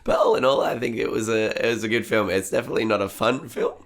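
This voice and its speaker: A man's voice: fairly low pitch, quick pace, vocal fry. A man, co-hosting a film podcast, chatty and laughing often, with frequent ums. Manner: laughs a lot, hesitant with ums. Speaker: podcast co-host. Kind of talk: casual film podcast chat.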